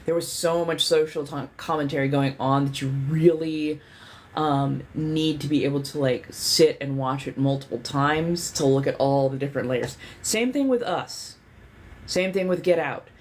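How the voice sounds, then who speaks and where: A woman's voice: deep voice, moderate pace. A woman hosting a livestream in casual chat. She rambles candidly, swears freely and leans on lots of fillers. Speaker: livestream host.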